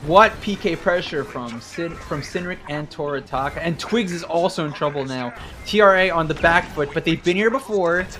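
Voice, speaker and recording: A man calls a live esports match, explaining team strategy in an even, analytical way. Faint music plays underneath his commentary. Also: on the high side, moderate pace, few pauses. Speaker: esports caster. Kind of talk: live game play-by-play commentary.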